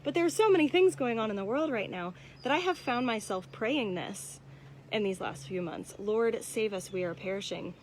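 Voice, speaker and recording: A woman's voice: on the high side, very animated, moderate pace. A young adult woman giving a casual church devotional, conversational and candid, with many "um"s and "like"s. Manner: conversational, frequent "um" and "like", personal and candid. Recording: faint background noise.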